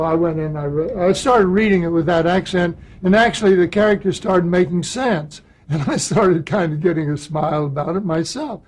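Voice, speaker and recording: A man's voice: high-pitched, moderate pace, hardly any pauses, rough recording. A man in an interview telling an anecdote about an audition, acting out what people said. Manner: lively storyteller who acts out quotes. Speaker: actor recalling an audition.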